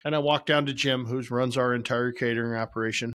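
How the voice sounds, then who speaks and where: A man's voice: mid-range voice, fairly even intonation, fast, a bit bright. A man casually telling rambling, profane stories about his work and poking fun at himself as a regular on a talk show. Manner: profane, rambling, self-deprecating. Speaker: podcast regular. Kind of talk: casual storytelling.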